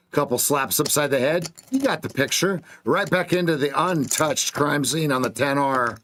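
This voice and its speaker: A man's voice: fairly high pitch, fairly bright tone, slight background noise. Blunt man calling live trades. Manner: clipped, blunt market calls with slang. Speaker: trading coach streaming live. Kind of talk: live trading commentary.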